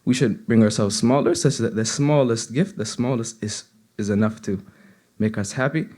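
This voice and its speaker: A man's voice: fairly low pitch, moderate pace, mellow. Earnest young man giving a sermon. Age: young adult. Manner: earnest, conversational, with frequent restarts. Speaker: seminary student giving a reminder. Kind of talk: informal sermon.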